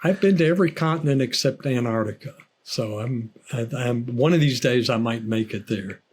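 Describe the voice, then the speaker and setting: An older American man with a Southern accent, an author appearing as a guest in a casual interview, tells stories chattily and laughs often. His animated, medium-pitched voice moves at a normal speed with slight background noise.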